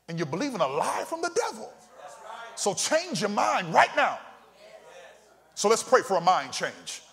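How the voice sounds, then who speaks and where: This pastor's voice sits on the high side, a bit bright and a little fast, with huge swings in pitch. He preaches fervently with repeated call-outs to the congregation, his voice echoing through the church sanctuary.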